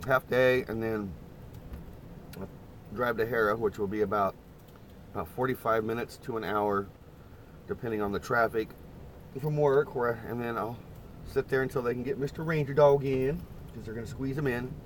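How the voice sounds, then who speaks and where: A man's voice: mid-range voice, fairly even intonation, normal speed, pauses often, a little hiss or hum. A middle-aged man chatting casually and rambling to his viewers on a live stream from inside a parked camper van. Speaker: vlogger.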